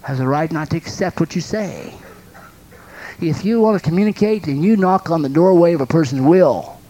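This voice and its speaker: A man preaching a sermon as a pastor and counselor, telling lively stories that act out little scenes with sound effects and laughing between his points. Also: a little high, moderate pace, rough recording.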